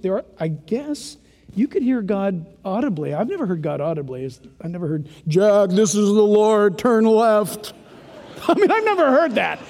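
Male preacher, high voice, emphatic sermon, long hall reverb. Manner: emphatic, exclamatory, swings from loud to hushed.

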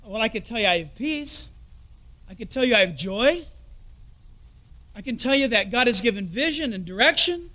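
A man preaching a sermon as pastor, telling a story and dropping into soft, confiding asides. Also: extremely high pitch, lively intonation, normal speed, long pauses.

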